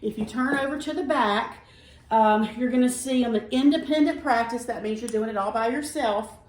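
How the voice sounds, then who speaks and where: A woman teacher reading example sentences slowly and explaining grammar step by step in a patient, careful way. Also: on the high side, a little mellow. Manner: slow, patient, reads sentences aloud carefully. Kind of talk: recorded classroom lesson. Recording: echoey room, far from mic.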